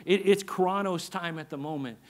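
A man's voice: sits high, normal speed. A man preaching a sermon as pastor, emphatic and repetitive, often asking his congregation for an amen. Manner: emphatic, repeats phrases, asks the congregation for amens.

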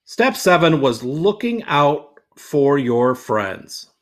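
A male teacher reads a children's story aloud. His pitch sits slightly high for a man and moves in lively swings. He paces it slowly, leaving room for each line to land. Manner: expressive, animated storytelling.

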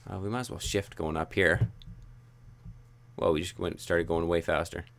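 A man's voice: low-pitched, steady tone, normal speed, creaky, fairly bright tone. A young man commenting on his own gameplay, muttering frustrated self-talk with sudden yelps. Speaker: gaming YouTuber.

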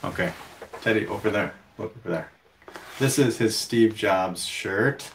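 A man hosting a casual livestream from home, reading viewer comments aloud in a relaxed way. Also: fairly low pitch, slight background noise. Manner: slow, relaxed, reads chat comments aloud. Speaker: livestream host.

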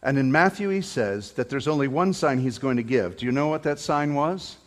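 A male pastor delivering a sermon, asking the congregation rhetorical questions and raising his voice near a shout at peaks. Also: medium pitch, lively intonation, normal speed. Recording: long hall reverb.

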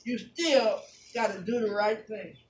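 A woman preaching a Pentecostal sermon, moving from quiet talk to shouted, half-sung preaching. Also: medium pitch, a little slow, a little hiss or hum. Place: church sanctuary. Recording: echoey church from far off. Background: organ playing.

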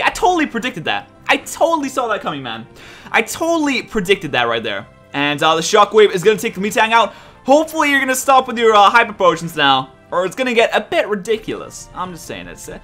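A high, bright-voiced man gives lively gameplay commentary, his pitch swinging widely as he reacts. He talks straight at the game, swears and yells at its turns, with faint music under his voice. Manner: excitable, swears and shouts at the game. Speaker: let's play commentator.

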